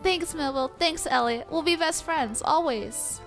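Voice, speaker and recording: A woman reading out the lines of an earnest young female knight saying farewell, in a fairly high voice. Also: moderate pace, fairly bright tone, faint music behind. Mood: sweet, heartfelt. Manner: reads game dialogue aloud, half sincere.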